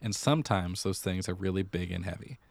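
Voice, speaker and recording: A man's voice: deep voice, a little fast, vocal fry, no echo. A man co-hosting a podcast in casual chat, reacting with playful quips. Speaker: podcast co-host.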